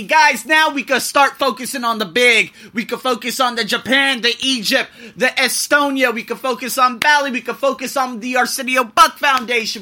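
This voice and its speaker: Animated profane male podcast host. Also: high voice. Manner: animated, profane, swings between shouting and muttering. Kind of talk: casual podcast monologue.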